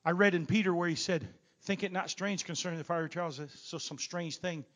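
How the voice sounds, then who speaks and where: A middle-aged man preaching a Pentecostal sermon in a church sanctuary. His voice sits slightly high and swings from hushed asides to ringing near-shouts. A quiet guitar plays softly behind him. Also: brisk. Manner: preaching with surging volume, rising to near-shouts. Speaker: pastor.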